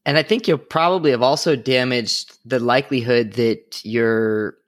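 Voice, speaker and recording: A man's voice: medium pitch, normal speed, no echo, clean studio sound. A young man co-hosting a casual podcast chat, thoughtful and hedging, with many fillers. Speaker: podcast co-host.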